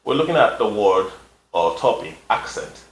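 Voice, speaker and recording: A man hosting a casual talk show, explaining in a measured way with fillers. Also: lowish voice, sing-song. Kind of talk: casual discussion. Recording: echoey room with faint noise.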